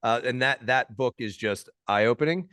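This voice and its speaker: A man's voice: medium pitch, moderate pace, a bit bright, smooth, no echo, studio quality. A man from New Jersey talking as a podcast guest in laid-back, slangy casual chat.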